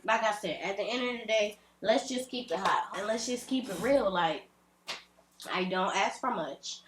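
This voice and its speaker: A woman's voice: medium pitch, normal speed, a little hiss or hum. Blunt, profane woman ranting at the camera. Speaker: vlogger. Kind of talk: ranting direct-to-camera vlog. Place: at home. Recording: echoey room.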